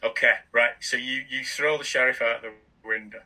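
A man narrating as game master of a tabletop game, halting, with many restarts. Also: medium pitch, fairly even intonation, bright, forceful tone, recorded from a distance, poor audio.

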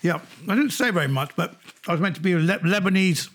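A middle-aged man from England, an actor guest telling lively anecdotes in casual conversation. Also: sits high, quick pace. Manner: lively, animated storyteller.

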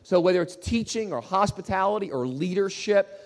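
A male pastor delivers a sermon with a somewhat high voice that rises and falls dramatically. He is emphatic and often doubles back on his words. His voice rings with the long reverb of a big hall. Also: moderate pace. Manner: animated, emphatic preaching with repeated words.

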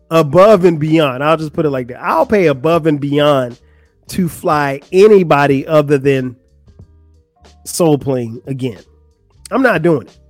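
A man hosting his own podcast, telling a story in a casual, animated, exasperated way with many restarts. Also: a little high, no echo. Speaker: podcast host.

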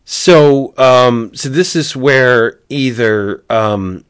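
A man's voice: medium pitch, smooth. Casual man retelling a story. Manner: animated retelling with quick put-on character voices. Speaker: podcast co-host. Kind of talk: casual chat, retelling a book's plot.

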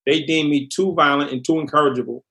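A man's voice: on the high side, fairly even intonation, quick pace, sharp tone. A man from Massachusetts, a former prisoner, telling his story bluntly in an interview.

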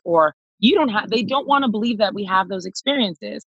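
Emphatic husky woman telling a story. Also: medium pitch, animated, brisk, a bit bright, dry recording, highs cut off. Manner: emphatic, reenacts dialogue, calls listener girl. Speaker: touring singer. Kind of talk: animated personal storytelling.

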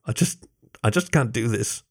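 A man's voice: mid-range voice, lively intonation, moderate pace, creaky, darkish tone, no room sound, studio quality, pitched above the performer's own voice. A man reading aloud, voicing a young male furry animal who is anxious and lovesick, his voice lifted and shaky with emotion. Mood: distraught.

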